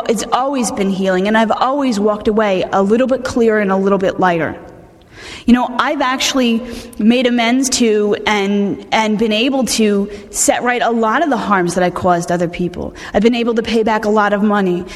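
A woman gives a candid, conversational testimony about her recovery, repeatedly restarting her sentences. Her pitch is fairly high, her pace moderate, and the audio has the lingering reverb of a large hall.

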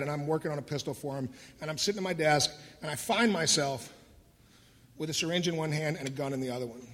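A middle-aged man candidly telling his own recovery story, wry and laughing through the dark parts. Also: a little high. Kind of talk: personal storytelling talk. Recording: voice in a hall with long reverb.

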